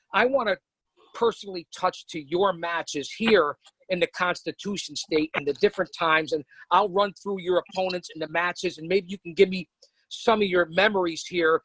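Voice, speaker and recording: A man's voice: on the high side, a bit bright, slightly rough, dry recording, rough recording. A man hosting a podcast, reading from his notes and emphatically quizzing his co-host. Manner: emphatic, addresses guest by surname. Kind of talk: interviewing from notes.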